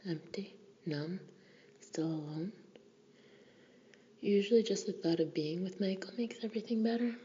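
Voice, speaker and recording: A woman's voice: mid-range voice, normal speed, long pauses, warm tone. A woman narrating a first-person novel in a whispered audiobook reading, intimate and wry. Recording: dull lo-fi recording with faint hiss.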